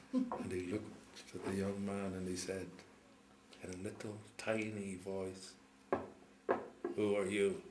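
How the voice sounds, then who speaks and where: A man spins a folk tale before a live audience, unhurried and easy. He chuckles between lines and hushes his voice for the old characters. The room is roomy and a little noisy. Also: little pitch movement. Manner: slow, chuckling, plays characters with quiet low voices. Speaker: storyteller.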